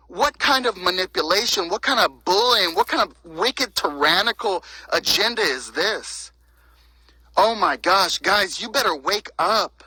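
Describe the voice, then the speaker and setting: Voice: mid-range voice, expressive, a little slow, pushed and bright, low-quality recording. A speaker giving an impassioned, preaching monologue, fervent and indignant, firing off one rhetorical question after another.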